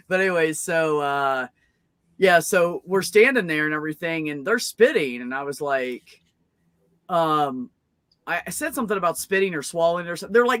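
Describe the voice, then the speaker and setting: A woman's voice: fairly low pitch, moderate pace, dry recording. A woman hosting a casual stream chat and telling rowdy, profane stories from her childhood. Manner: profane, animated storyteller. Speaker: stream host.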